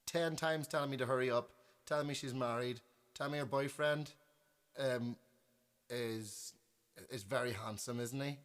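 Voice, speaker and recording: A young Northern Irish man chats to his livestream viewers, spinning a funny story. He is self-deprecating and animated, often breaking off to correct himself. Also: mid-range voice, moderate pace. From Northern Ireland. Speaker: musician on livestream. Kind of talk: casual storytelling.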